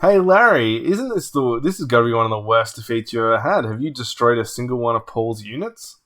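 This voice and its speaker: A man's voice: mid-range voice, animated, brisk, fairly bright tone, natural voice. A man voicing a bland adult male gamer, casually needling a rival.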